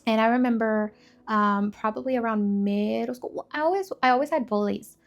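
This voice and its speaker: A young woman who vlogs about her faith shares her personal testimony with candor and emotion, often restarting sentences and filling gaps with fillers. Her voice is on the high side and her pace is brisk.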